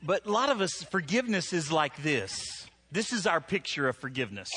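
A middle-aged man preaching a live sermon in a conversational, joking way, his voice climbing high when he stresses scripture. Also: sing-song, normal speed, hardly any pauses, bright, forceful tone, husky. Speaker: pastor.

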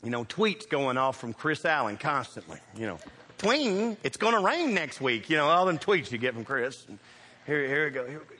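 A man preaching a sermon, telling funny stories with animated shouts and laughter. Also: medium pitch, normal speed, breathy edge. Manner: animated, shouting bursts, laughing through punchlines. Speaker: pastor. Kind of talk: humorous storytelling sermon. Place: church sanctuary. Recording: reverberant church hall.

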